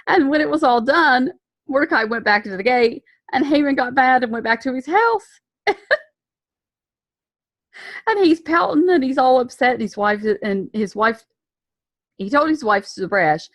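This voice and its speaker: A woman's voice: fairly high pitch, lively intonation, unhurried, no room sound. A woman giving a casual Bible lesson, retelling the story in a chatty way with slang and frequent self-corrections. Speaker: Bible teacher.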